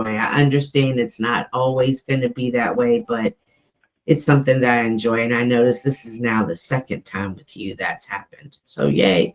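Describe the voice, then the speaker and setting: A man's voice: mid-range voice, muffled recording. A man hosting a casual live stream, rambling in an upbeat way and teasing his guests.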